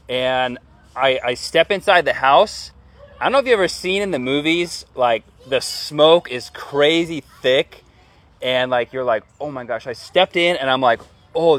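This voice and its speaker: A man in his thirties telling a story casually, full of fillers and acting out shouted lines. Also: mid-range voice, no echo. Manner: animated, lots of fillers, acts out yelling.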